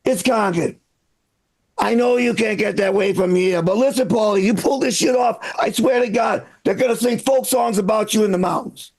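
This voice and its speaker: Guy putting on a rowdy boston townie boss, yelling and cursing, high gravelly voice. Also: normal speed. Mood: rowdy bossy. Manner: shouting, bossy, profane. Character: brash loudmouth male Boston townie rebel leader.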